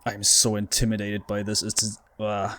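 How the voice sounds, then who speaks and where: A man's voice: lowish voice, monotone, normal speed, sharp tone. A frightened man commentating a horror game playthrough, pleading with the game and talking to himself. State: scared, shaky. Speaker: gaming YouTuber.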